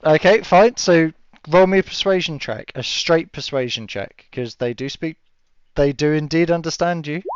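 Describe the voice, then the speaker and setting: Game master with a smooth voice. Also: male voice, fairly high pitch, moderate pace, no echo. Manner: casual, laughing asides, hesitant fillers. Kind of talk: narrating a tabletop game. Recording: dull lo-fi audio with a dry sound.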